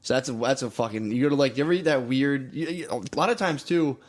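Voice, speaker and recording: A man's voice: mid-range voice, quick pace. Man telling crude stories, laughing. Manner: crude, rambling anecdotes with frequent laughter. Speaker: podcast co-host. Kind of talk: casual comedic chat.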